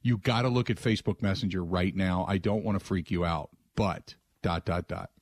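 A middle-aged man hosting a radio show, telling a rambling story in a casual way, with restarts and lively quoted voices. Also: deep voice, moderate pace, no echo. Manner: rambling, restarts, animated when quoting others.

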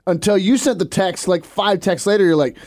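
A man's voice: high voice, brisk, a little mellow. A man co-hosting a podcast in casual chat, joking and acting out bits. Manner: jokey, laughing, acts out bits. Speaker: podcast co-host, bandmate.

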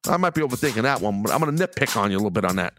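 A man's voice: fairly low pitch, very animated, rapid-fire, fairly bright tone, soft background music. A middle-aged man hosting his own podcast, ranting angrily and rambling with plenty of swearing. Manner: angry, profane, rambling. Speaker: podcast host.

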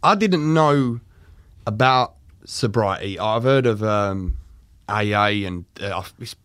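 A man's voice: lowish voice, lively intonation, slow pace, fairly bright tone, clear, resonant tone. A young British man telling a candid story in casual chat, swearing freely. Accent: British English. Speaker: podcast guest.

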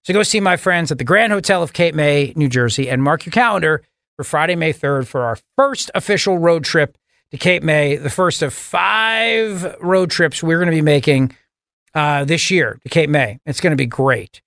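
A man hosting a talk radio show, delivering a sarcastic, mocking, animated monologue to his listeners. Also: fairly high pitch, moderate pace, creaky, no room sound, clean studio sound. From Italian heritage, US.

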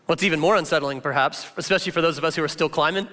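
A man gives a loose, conversational sermon in a big reverberant hall. His voice sits high and bright, and he talks in an animated, chatty way, tossing in plenty of filler words. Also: rapid-fire. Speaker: pastor.

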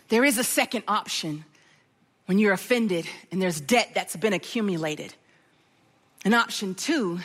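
A middle-aged woman with a mid-range voice delivers a sermon, and a long reverb tail trails her words. She tells a personal story with lots of energy, acting out what each person said.

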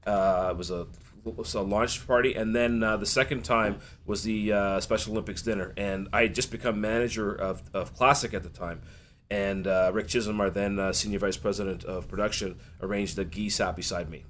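A Canadian man co-hosting a podcast, reminiscing earnestly with halting starts. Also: lowish voice, fairly even intonation, a bit bright, a little hiss or hum. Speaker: podcast co-host. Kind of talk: casual chat.

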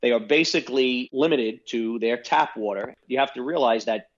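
A man tells his story in casual interview answers, dropping in fillers as he goes. His voice sits at a medium pitch. The recording sounds a little dull. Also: normal speed. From New York. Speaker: company founder.

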